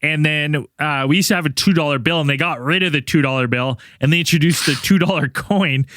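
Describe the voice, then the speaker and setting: A man's voice: a little high, a little fast, a bit bright, dry recording, clean studio sound. A Canadian man co-hosting a podcast, telling a story in casual, profane chat with frequent laughs. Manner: swearing, storytelling, laughing often. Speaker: podcast co-host.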